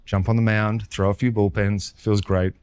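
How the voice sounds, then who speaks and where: A man in his forties with an Australian accent, a former pitcher guest telling his story in a casual interview and acting out the dialogue. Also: normal speed, clean tone. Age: 40s. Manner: lively storyteller who acts out quoted dialogue.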